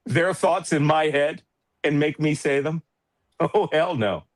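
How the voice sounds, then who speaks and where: A man, in a heated political interview. He talks bluntly and sarcastically and keeps slipping in mocking asides. His voice sits a little high for a man and sounds dry and close, with no room echo. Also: unhurried. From United States. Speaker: political commentator guest.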